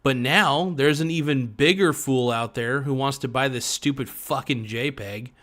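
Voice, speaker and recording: A man's voice: medium pitch, normal speed, few pauses, a bit bright. Guy ranting on his podcast, sarcastic, swears a lot, medium voice. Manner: profane, sarcastic, mocking voices. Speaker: podcast host. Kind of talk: ranting commentary.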